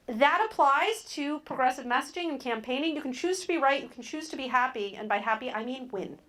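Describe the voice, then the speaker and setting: A woman leads a live workshop in an indoor meeting room, speaking into a handheld mic. Her voice sits high and swings widely in pitch, and her delivery is wry and joking. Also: lively intonation, fairly quick, few pauses, fairly bright tone.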